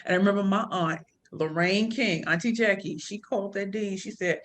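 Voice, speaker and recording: A woman's voice: medium pitch, brisk. A woman talks as a podcast guest. She tells her story casually and with spirit, full of slang, and she acts out the people she quotes in their own voices. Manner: animated, slangy, quoting others in voices. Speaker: podcast guest, pitch coach and speaker.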